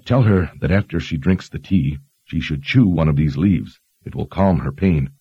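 A man's voice: extremely low pitch, animated, normal speed, slightly rough, dry recording, muffled recording, full character voice. A man voicing a curious young male traveller who asks questions and gives practical instructions. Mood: instructing.

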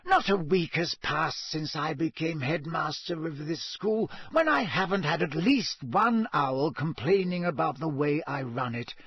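A man's voice: on the high side, lively intonation, slightly rough, no room sound, voice pushed up, full character voice. A man doing a wry, elderly wizard headmaster. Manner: measured, gently wry. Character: wise, elderly male headmaster, calm and wry.

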